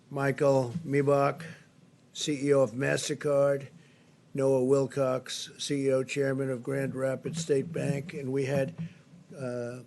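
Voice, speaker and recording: Slight background noise accompanies the medium-pitched, darkish voice of an older man at a briefing room podium microphone. The political leader's spoken press remarks are repetitive and emphatic, loaded with superlatives.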